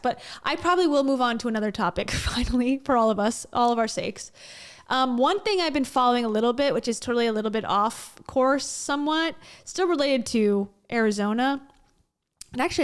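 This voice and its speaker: A woman's voice: fairly high pitch, clean tone. A woman hosting her own channel, talking in a chatty, joking, casual commentary style. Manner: chatty and joking, with frequent laughs and restarts. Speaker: vlogger host.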